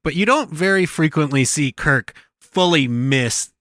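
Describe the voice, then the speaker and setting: A man's voice: fairly high pitch, animated, unhurried, a bit bright, no room sound. A man co-hosting a podcast, chatting casually with wry, joking asides. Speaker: podcast co-host. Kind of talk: casual chat.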